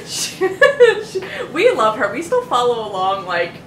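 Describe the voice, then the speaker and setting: A young woman co-hosting a podcast, telling a story in rambling casual chat, full of restarts and quick laughs. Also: a little high, huge pitch swings. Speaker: podcast co-host. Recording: echoey room, mic at a distance, noisy.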